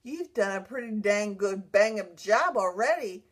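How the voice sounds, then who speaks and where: A woman's voice: mid-range voice, lively intonation, unhurried. A woman who survived a brain injury, telling her own story in an emotional, rambling way, with many restarts. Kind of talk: personal vlog monologue.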